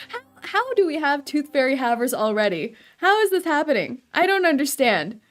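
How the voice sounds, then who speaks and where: High-voiced playful woman streamer. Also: lively intonation, normal speed, faint music behind. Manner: playful, chatty, laughs often, greets viewers by name. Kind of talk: casual live-stream chat.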